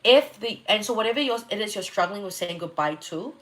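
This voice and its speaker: A woman's voice: mid-range voice, animated, fairly quick. A young woman, an astrologer chatting loosely on a livestream, giggly, swearing and reacting to viewer comments. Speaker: astrologer hosting a live reading. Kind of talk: casual livestream chat.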